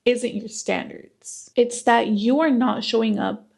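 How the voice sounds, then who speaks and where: Young woman, slight lisp, highish voice, casual vlog host talking straight to camera. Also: a little slow, gravelly, a little mellow. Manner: candid, chatty, swears casually. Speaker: self-improvement channel host.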